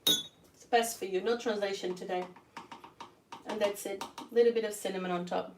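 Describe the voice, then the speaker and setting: A woman's voice: medium pitch, steady tone, moderate pace, heavy background noise. Chatty woman cooking live. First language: Portuguese. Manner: chatty, laughs often, speaks straight to viewers. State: feeling weak and ill. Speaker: cooking channel host. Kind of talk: live-stream cooking chat. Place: home kitchen.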